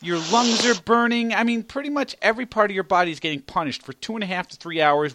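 A man's voice: high voice, fast talker, few pauses, pushed and bright, no echo. A man hosting a casual podcast chat, questioning emphatically and swearing with disbelief. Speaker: host.

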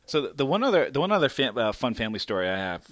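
A middle-aged man co-hosting a casual comedy podcast, telling family stories and acting out quotes with sudden loud jumps. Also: racing, dry recording, clean studio sound. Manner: animated, acts out quotes with big pitch jumps. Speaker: podcast co-host.

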